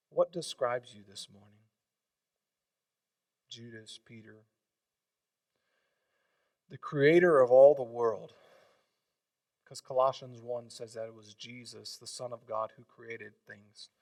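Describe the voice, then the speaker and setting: A man preaching a sermon, swinging from loud emphatic lines to quiet hushed ones. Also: medium pitch, dry recording, distant mic. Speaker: pastor.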